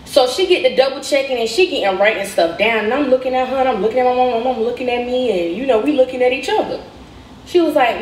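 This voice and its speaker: Heard from afar in an echoey clip within a reaction video, with a little hiss or hum, a young woman narrates a personal story. Her voice sits high and moves quickly. She keeps it conversational, voicing the people involved and repeating what they said.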